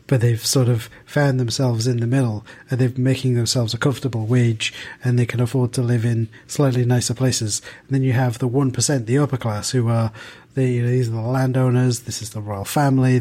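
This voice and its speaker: British podcast co-host, mid-pitch male voice, loose rambling delivery with lots of restarts. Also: warm tone. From United Kingdom. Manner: thoughtful, rambling with many restarts and fillers. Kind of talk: casual podcast discussion.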